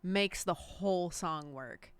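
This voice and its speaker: A woman's voice: lowish voice, slow pace, clear, resonant tone, no room sound. A woman musician on a livestream chatting about how she produced her song, casual, self-deprecating and swearing freely. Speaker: musician streaming a production breakdown.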